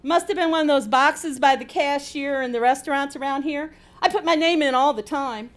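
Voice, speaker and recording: A woman's voice: sits high, moderate pace, pitched above the performer's own voice, natural voice. A woman voicing an eager young hospital worker who pleads and wheedles. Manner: excited, wheedling.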